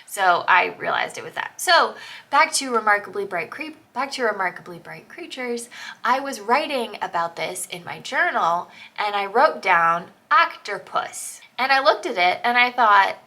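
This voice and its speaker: A woman in her thirties from New England talks through her book picks in a chatty, earnest way. Her voice is bright and forward with a gravelly edge. She laughs at herself as she goes. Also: medium pitch, animated, moderate pace. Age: 30s. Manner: chatty, earnest, self-deprecating. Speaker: book vlogger. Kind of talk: casual book recommendations.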